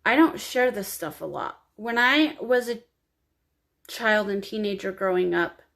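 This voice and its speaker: Tearful woman vlogging slowly. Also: medium pitch, animated, creaky, fairly bright tone. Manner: emotional, confiding, slow and halting. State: crying. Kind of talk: personal storytelling to camera.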